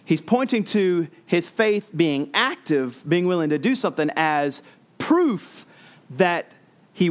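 A man preaching an expository sermon, earnest, repeating words and restarting as he explains. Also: a little high.

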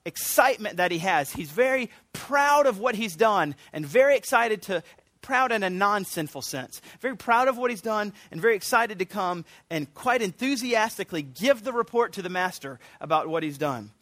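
A man preaching a sermon, animated and earnest, often restarting his sentences. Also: high voice, moderate pace, no room sound. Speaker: pastor.

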